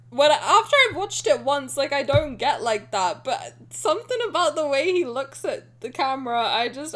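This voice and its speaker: A woman streamer chatting casually and excitably with her viewers, rambling and swearing now and then. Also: sits high, moderate pace, few pauses. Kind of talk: casual live-stream chat.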